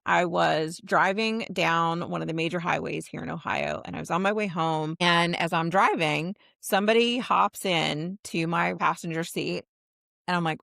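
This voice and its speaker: A middle-aged woman, a spiritual medium, telling a personal story in a lively way and acting out the dialogue. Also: lowish voice, gravelly, dry recording, clean studio sound. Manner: animated, acts out quoted dialogue.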